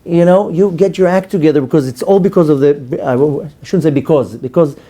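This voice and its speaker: A man's voice: a little high, brisk, mellow. A middle-aged man giving a rabbi's lecture, telling stories with acted-out quotes and jokes. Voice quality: storytelling with acted-out quotes, joking. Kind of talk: lively Torah lecture.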